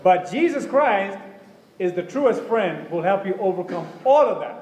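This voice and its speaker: A man with a high-sitting, animated voice preaches a fervent sermon at a moderate pace, acting out prayers and other people's voices. His tone is a little mellow and the audio dull, recorded in an echoey hall with faint ambience.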